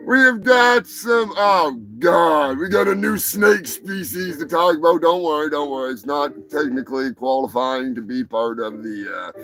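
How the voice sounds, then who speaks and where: A man's voice: mid-range voice, poor audio. A man hosting a live stream, rambling and crude in a comedic chat. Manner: rambling, crude, mock-shouting.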